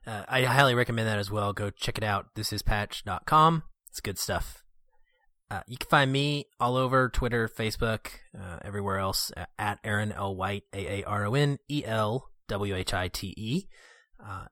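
A man's voice: lowish voice, pushed and bright, no room sound, studio quality. A man hosting a casual film podcast, upbeat and eager as he plugs the show. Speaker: podcast host.

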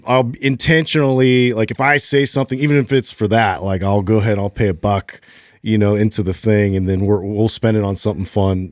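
A man co-hosting a podcast, telling a story in relaxed casual chat full of fillers. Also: lowish voice, no echo, clean studio sound. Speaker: podcast co-host.

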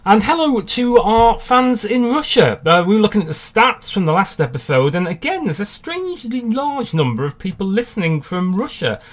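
A man co-hosting a comedy podcast, trading wry, deadpan quips. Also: high-pitched, moderate pace, few pauses. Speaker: podcast co-host. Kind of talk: comic banter.

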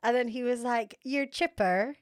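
A woman's voice: a little high, normal speed, dry recording, studio quality. A woman with a London accent, a podcast co-host chatting casually and acting out the dialogue in her stories. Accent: London English. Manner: animated storytelling, acts out dialogue. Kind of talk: casual chat.

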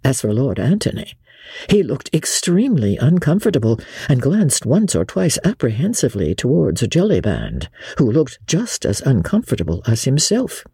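A woman narrating an audiobook with lively, expressive storytelling. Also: very deep voice, moderate pace, breathy edge, no echo, studio quality. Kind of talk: scripted narration.

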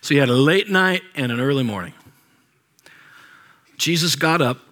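Bright-voiced joking pastor. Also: male voice, a little high, expressive, normal speed. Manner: conversational, joking asides to the congregation; reads scripture aloud with commentary. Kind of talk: sermon.

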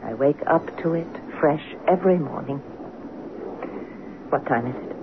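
An actress in a 1970s radio drama playing a middle-aged French wife with a French accent, once in the resistance, talking in a tender, teasing way. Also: female voice, low-pitched, a little slow. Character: wistful French wife, former resistance fighter. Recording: tinny lo-fi old radio broadcast with hiss.

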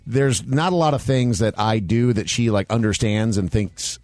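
A man's voice: fairly low pitch, moderate pace, a little mellow, dry recording. A man in his thirties co-hosting a casual talk show, blunt and joking. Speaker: co-host. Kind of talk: casual chat.

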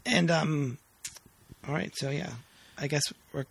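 A man's voice: a little high, measured pace, creaky, slightly rough, dry recording. A man co-hosting a podcast, chatting casually about a film and acting out lines from it with laughter. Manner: animated, quotes characters with laughing asides. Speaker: podcast co-host. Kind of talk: casual movie chat.

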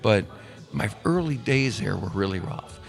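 Older man, low voice, from Missouri; chatty podcast guest spinning long anecdotes with restarts. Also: sing-song, a little slow, creaky. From Missouri, USA. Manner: rambling, with many restarts and quoted dialogue. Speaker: guest, former pro soccer player. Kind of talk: casual storytelling interview.

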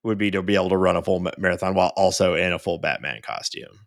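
Low-voiced man on a dry podcast mic. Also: gravelly, no room sound. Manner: rambling, self-interrupting, quick to laugh. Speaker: podcast co-host. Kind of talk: casual chat.

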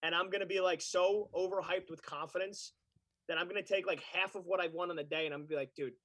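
A man's voice: high-pitched, fairly even intonation, fast, pushed and bright, no echo. A man co-hosting a sports betting podcast, chatting confidently about his picks. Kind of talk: casual sports betting chat.

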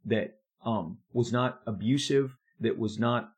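A man in his fifties tells a career story with animated, emphatic energy, rushing ahead when excited. His voice is husky with a mid-range pitch. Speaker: comic book artist. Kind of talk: storytelling monologue.

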